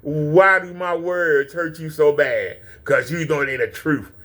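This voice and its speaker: A man delivers a foul-mouthed rant full of taunts and insults aimed at someone he is watching. His voice sits a little high for a man. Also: measured pace, pushed and bright. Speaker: channel host reacting to a clip. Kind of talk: profane reaction rant.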